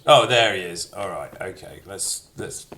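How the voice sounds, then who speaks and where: A man gives casual game commentary in a fairly low voice, rambling and self-mocking. He swears freely and jokes about his own work. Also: animated, unhurried, bright, forceful tone, slight background noise. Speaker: streamer and voice actor. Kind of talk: let's-play commentary.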